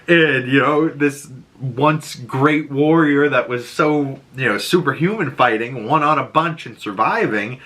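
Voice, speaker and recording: Brief: male video reviewer, chatty, loose recap, bright tone, mid pitch. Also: measured pace. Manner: rambling, animated retelling with filler words. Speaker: YouTube reviewer. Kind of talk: casual episode recap.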